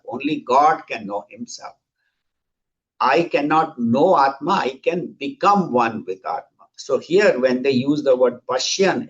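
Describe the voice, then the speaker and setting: Man teaching scripture, husky tone. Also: medium pitch, dull audio. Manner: storytelling, acts out quoted characters. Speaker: spiritual teacher. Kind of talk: scripture class.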